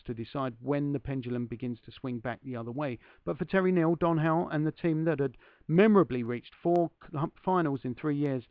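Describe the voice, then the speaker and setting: Gravelly-voiced man reading with chatty asides. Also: mid-range voice, dry recording, narrow, tinny audio. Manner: self-deprecating, addresses listeners directly. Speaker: podcast host.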